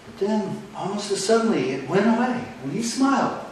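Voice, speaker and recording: A man telling a story on stage in a dramatic, animated way, with pauses for effect, heard from a distant mic in a large echoey hall. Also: high voice, a little hiss or hum.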